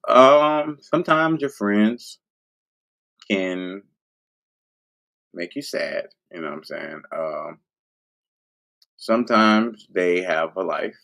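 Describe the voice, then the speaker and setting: Livestream host, male, low gravelly voice, rambling and profane, casual to-camera chat. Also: a bit bright. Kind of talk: casual monologue to viewers.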